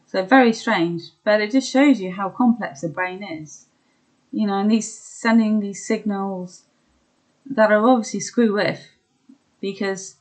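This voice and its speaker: Young woman, mid-pitched voice, open and unpolished, pauses and ums a lot, laughs at herself. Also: darkish tone, low-quality recording. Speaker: vlogger sharing her illness experience. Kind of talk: candid personal chat.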